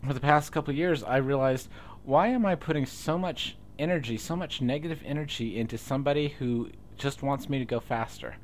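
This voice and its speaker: A man's voice: mid-range voice, fairly quick. Easygoing man with faint background noise. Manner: easygoing, laughs often, tells personal stories. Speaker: podcast co-host. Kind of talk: casual chat.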